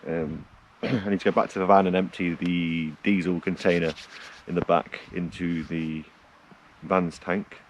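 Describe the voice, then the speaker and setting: A middle-aged man from the UK, vlogging from a van road trip, talks to the camera beside a lake on a cold morning in a chatty, rambling, self-deprecating way, laughing frequently. He speaks unhurriedly in a low voice with little pitch movement, and there's a little hiss or hum.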